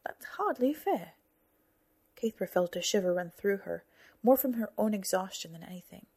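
Breathy woman podcaster reading her own story, calm, easygoing pace. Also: lowish voice. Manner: calm, soft-spoken and measured. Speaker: author and narrator of a fiction podcast. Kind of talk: storybook narration and casual podcast notes.

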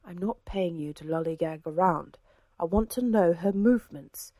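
A woman's voice: lowish voice, normal speed, mellow, no room sound, close to an everyday voice. A woman voicing a whiny, spiteful aristocratic man who makes petulant, hissing demands in an audiobook. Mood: impatient. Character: older nobleman, whiny and spiteful.

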